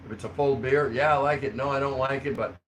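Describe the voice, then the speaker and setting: A man's voice: mid-range voice, steady tone, quick pace, fairly bright tone, a little hiss or hum, poor audio. A man hosting a livestream, reading out chat comments in a rambling, chuckling, easygoing way. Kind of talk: casual live chat. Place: home in the Philippines.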